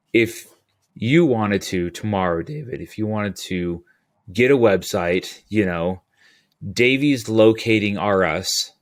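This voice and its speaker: A man from California talking as a podcast guest, rambling and animated, with quick asides and restarts. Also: low-pitched. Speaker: podcast guest, utility locator. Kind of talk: casual interview talk.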